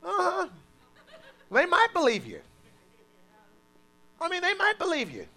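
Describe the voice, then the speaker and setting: Animated preacher man, lively and high. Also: measured pace. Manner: animated preaching with call-and-response and mock quotes. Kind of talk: sermon.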